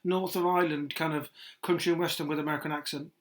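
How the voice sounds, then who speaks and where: A man's voice: on the high side, level tone, quick pace. A man co-hosting a live online show in a casual way, enthusiastic and full of superlatives. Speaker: co-host.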